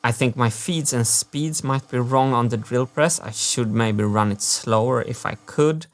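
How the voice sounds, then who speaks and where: A man narrating a workshop vlog, enthusiastic and quick to laugh. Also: medium pitch. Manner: excitable, laughs often, enthusiastic. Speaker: maker and engineering video creator.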